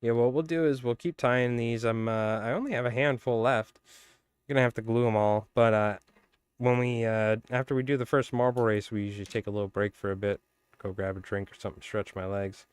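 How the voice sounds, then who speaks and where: A man's voice: medium pitch, fairly even intonation, brisk, clean tone, no echo. A man hosting a fly tying live stream, chatting casually and rambling with viewers as he works. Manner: rambling, chatty, many fillers.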